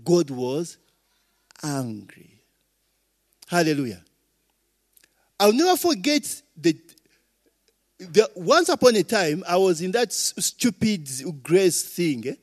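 A man preaching a sermon, quizzing listeners with call-and-response questions and swinging between loud and soft. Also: high voice, very animated, takes it slowly, long pauses. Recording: long reverb of a hall.

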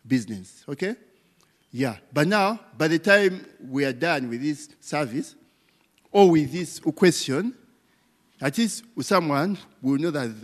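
A man preaches to his congregation, drawing out his words slowly and letting his pitch swing widely. He teases his listeners, tossing out rhetorical "what?" questions and tagging lines with "eh?" and "okay?". His voice rings with the long reverb of a church hall. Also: lively intonation. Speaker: pastor. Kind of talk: interactive sermon.

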